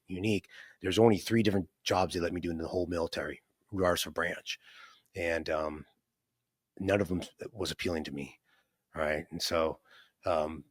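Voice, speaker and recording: Fast-talking deep-voiced man telling his story. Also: fairly bright tone, no echo, studio quality. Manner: rambling, many fillers and restarts, frequent "right?". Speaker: interview guest, entrepreneur. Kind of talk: conversational storytelling.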